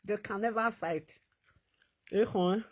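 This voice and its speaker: A woman with a Nigerian Pidgin accent, talking in an animated, laughing vlog commentary. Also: mid-range voice, unhurried. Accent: Nigerian Pidgin English. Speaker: vlogger.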